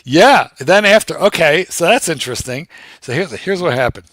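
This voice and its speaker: A man co-hosting a livestream, telling a story in a casual, animated way and swearing freely. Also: on the high side, moderate pace, dry recording, studio quality. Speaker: co-host.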